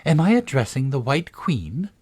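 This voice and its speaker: A man's voice: medium pitch, very animated, moderate pace, darkish tone, slightly rough, pitched above the performer's own voice. A man voicing a curious, polite young girl in a storybook reading, raising his voice to sound earnest and inquisitive.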